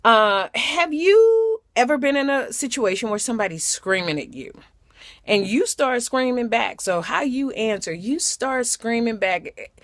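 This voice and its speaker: A woman's voice: on the high side, expressive, measured pace, no echo, studio quality. A woman giving a short, conversational devotional message, repeating phrases for emphasis. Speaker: devotional speaker.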